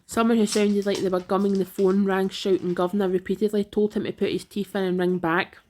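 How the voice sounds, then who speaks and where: A woman reading out online comments in a flat, even delivery. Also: medium pitch, fairly quick.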